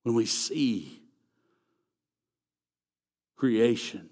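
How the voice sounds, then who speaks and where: A man's voice: mid-range voice, animated, drawn-out words, darkish tone. A man preaching a sermon, emphatic and repeating key phrases for stress. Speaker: pastor.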